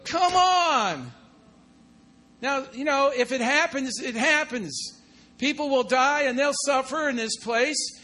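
High, bright-voiced man preaching a sermon. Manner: exclamatory, with frequent "come on" and "glory to God"; swings between loud bursts and hushed asides.

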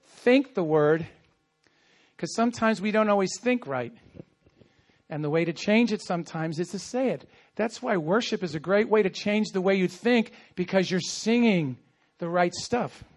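In a church, a man with a high-sitting voice preaches a sermon as a pastor at a normal speed. He tells stories animatedly and acts out quoted asides.

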